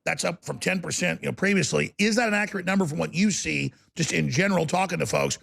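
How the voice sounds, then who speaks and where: A middle-aged man hosting a combative political talk show, animated and indignant, repeating words as he gets worked up. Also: fairly high pitch, quick pace, vocal fry.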